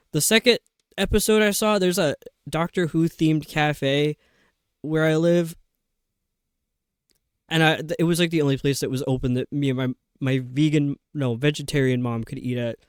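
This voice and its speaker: This casual livestream features a woman with a deep, clean-toned voice talking at normal speed as she plays a game. The recording is dry, with a clean studio sound, and she chats in a rambling, self-deprecating style.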